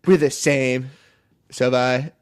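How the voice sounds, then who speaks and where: Guy on a podcast, mid-pitched voice, swearing and joking around. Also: steady tone, slow pace, clear, resonant tone. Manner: profane, joking, drawling. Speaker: podcast co-host. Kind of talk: crude casual chat.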